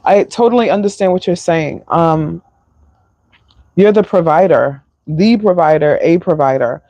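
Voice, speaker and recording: Woman tarot reader, slow and emotional, dry close sound. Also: lowish voice, dark tone, dry recording, highs cut off. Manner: slow, emotional, sighing, filler-heavy. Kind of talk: live-stream tarot reading.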